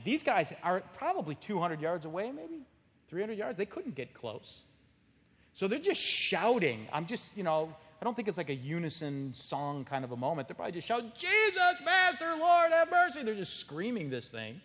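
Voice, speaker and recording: Male pastor preaching, slightly high voice, animated storyteller, sudden shouts, long reverb of a large hall. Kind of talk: expository sermon.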